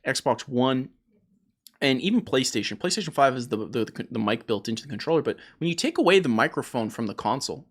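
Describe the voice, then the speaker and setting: A man hosting an opinionated gaming discussion, emphatic and animated, often repeating words as he starts a point. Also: a little high. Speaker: host.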